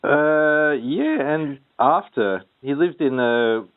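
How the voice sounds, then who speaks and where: A man's voice: on the high side, lively intonation, slow, smooth. Rambling man on a tinny line. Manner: rambling, hesitant, full of ums. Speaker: podcast co-host. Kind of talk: casual comedy chat. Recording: tinny phone-like line with faint noise.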